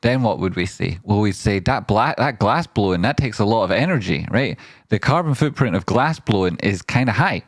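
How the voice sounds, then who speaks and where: A man hosting a live trading stream, riffing playfully in rambling chat and often jumping into a high silly voice. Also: animated, normal speed, no room sound. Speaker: trading livestream host.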